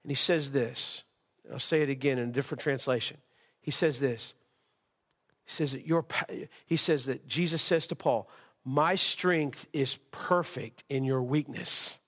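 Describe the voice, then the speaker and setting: A man's voice: medium pitch, normal speed, husky. A male pastor preaching a sermon at a church service, impassioned, repeating words and restarting phrases.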